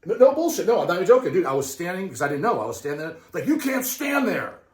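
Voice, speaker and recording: A man around forty hosting a casual chat, telling stories in a profane, excitable, ranting way. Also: fairly high pitch, racing. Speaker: podcast host. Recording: roomy echo.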